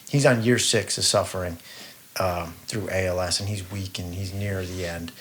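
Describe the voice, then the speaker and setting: A man's voice: deep voice, fairly even intonation, moderate pace, fairly bright tone, a little hiss or hum. A man co-hosting a podcast, telling stories in a blunt, profane way. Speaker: podcast co-host. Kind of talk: casual podcast chat.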